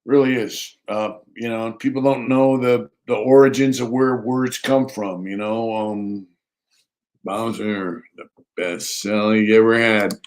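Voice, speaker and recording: A man's voice: fairly low pitch, steady tone, a little slow, a little mellow. Man, casual livestream chat, rambling, repetitive, reads comments aloud. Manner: talks to his dog between thoughts. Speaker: livestream host.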